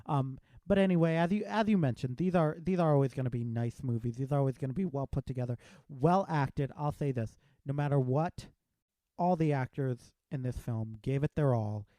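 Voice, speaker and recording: A man's voice: mid-range voice, normal speed, mellow, dry recording. A man hosting a podcast, chatting casually as he reviews a film and retells its scenes with quoted lines. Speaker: podcast host.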